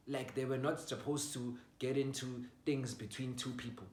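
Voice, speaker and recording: A young man telling a personal story in a casual way. He swings from loud outbursts to low mutters and swears freely. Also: flat delivery, normal speed, few pauses. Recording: roomy echo.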